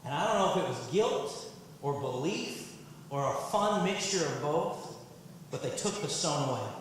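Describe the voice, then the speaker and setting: A pastor giving a sermon, an excitable man whose voice jumps high when he is moved. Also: moderate pace, slight background noise. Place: church sanctuary. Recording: echoey church sanctuary with music. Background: band playing.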